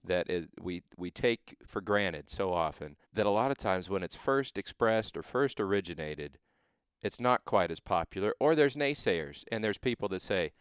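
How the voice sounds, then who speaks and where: Low-voiced man asking thoughtful questions. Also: animated, moderate pace, clean tone, dry recording, clean studio sound. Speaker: interviewer. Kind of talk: casual interview questions.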